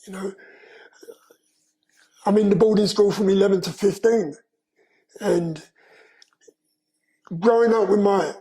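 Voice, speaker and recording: An older man, slowly and earnestly telling his life story in an interview, with frequent "you know". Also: sits high, gravelly, dark tone, poor audio. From London, England. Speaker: guest.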